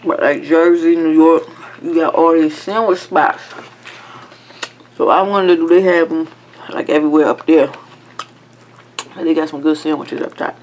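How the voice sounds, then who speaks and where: A woman's voice: sits low, steady tone, moderate pace, long pauses, a little mellow, a little hiss or hum. Woman chatting between bites. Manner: talks while chewing, lots of hums of enjoyment. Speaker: mukbang host. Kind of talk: casual eating chat.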